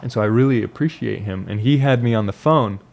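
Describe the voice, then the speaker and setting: A man's voice: medium pitch, a little fast, creaky, darkish tone. A young man talking casually and reflectively about his life, rambling with restarts and fillers. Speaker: vlogger. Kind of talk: casual personal monologue.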